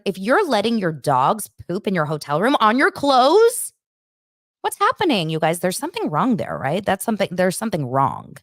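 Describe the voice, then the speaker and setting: A woman's voice: low voice, no room sound, clean studio sound. A young adult woman hosting a casual pop culture chat, telling stories animatedly and acting out quotes, with lots of "like". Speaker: pop culture show host. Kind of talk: casual chat recapping celebrity news.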